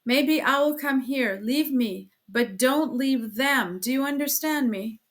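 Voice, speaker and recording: A woman voicing a tormented young man in a classic novel reading, halting and strained. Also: sits high. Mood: grim.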